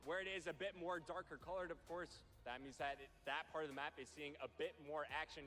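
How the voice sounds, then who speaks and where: A man breaking down a video game map as an analyst, explaining in a steady walkthrough with filler words. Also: on the high side. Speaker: esports analyst. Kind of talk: analysis segment.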